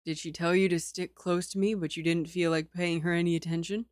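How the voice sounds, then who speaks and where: A woman's voice: fairly low pitch, flat delivery, a little fast, no room sound, clean studio sound, lightly acted. A woman voicing a sickly young nobleman who talks in a playful, teasing way.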